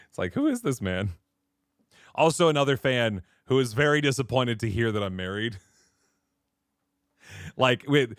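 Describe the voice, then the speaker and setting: A man streaming a game, chatting casually in an animated, laughing way and acting out little voices. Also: mid-range voice, dry recording, clean studio sound. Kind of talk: casual gaming chat.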